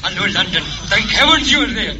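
An actor voicing foreign radio operators who speak clipped, broken English in a 1970s TV sitcom. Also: male voice, high voice, animated, a little fast, pushed and bright, exaggerated voice. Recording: dull old TV audio with hiss.

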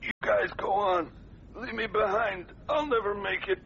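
A man's voice: high-pitched, normal speed, vocal fry, dull audio, slight background noise. A man voicing a melodramatic dying laptop computer in a mock-heroic farewell. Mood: mock tragic.

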